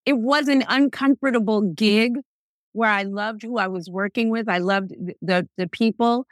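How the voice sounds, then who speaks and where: Middle-aged woman, candid interview guest, animated, laughing, dry close sound. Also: medium pitch, moderate pace, no echo. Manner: candid, animated, laughs often, acts out quotes. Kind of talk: casual interview chat.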